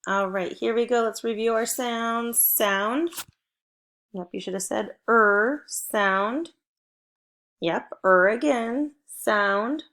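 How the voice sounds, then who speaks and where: Slow-paced teacher woman with a creaky voice. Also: on the high side, a bit bright. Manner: slow, clear prompting with pauses. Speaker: first grade teacher. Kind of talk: phonics lesson for children.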